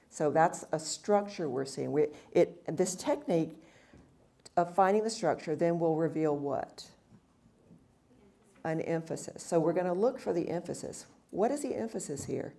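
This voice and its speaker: A woman's voice: low voice, creaky, mellow. A woman teaching a Bible study session at a women's retreat, reading verses aloud and then explaining them with frequent fillers and restarts.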